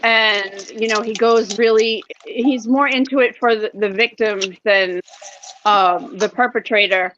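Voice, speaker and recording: A woman's voice: a little high, fairly even intonation, unhurried, fairly bright tone, dull audio, slight background noise. A woman on a casual video call, speaking hesitantly as she recommends something. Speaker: chat participant.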